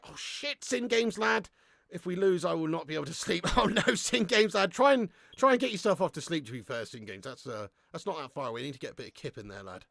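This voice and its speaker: A young man hosting a live football watch-along, excitable and sweary, ranting and chatting with his viewers. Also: fairly high pitch, quick pace, gravelly, no echo, clean studio sound. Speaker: host of a fan watch-along stream.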